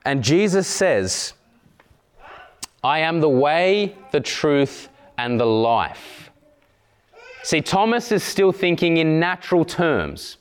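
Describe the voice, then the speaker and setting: A man preaching a sermon in a church, earnest, slowing down on emphatic phrases. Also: on the high side, sing-song. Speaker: pastor.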